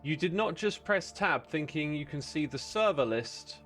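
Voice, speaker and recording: A man's voice: a little high, expressive, moderate pace, a bit bright, faint music behind. A man chatting casually with viewers while playing on a livestream, rambling and self-deprecating, laughing often.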